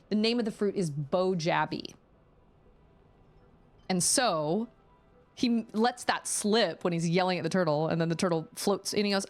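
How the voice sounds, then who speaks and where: Brief: animated woman streamer, casual rambling chat, faint game music behind. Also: lowish voice, normal speed, pauses often. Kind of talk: casual chat while gaming.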